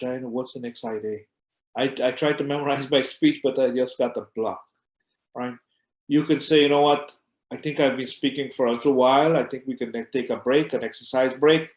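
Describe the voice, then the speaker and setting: A man, an imam, teaching a class in a conversational way, often repeating words as he goes and acting out short examples. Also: medium pitch. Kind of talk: conversational lecture. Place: mosque classroom. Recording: echoey room.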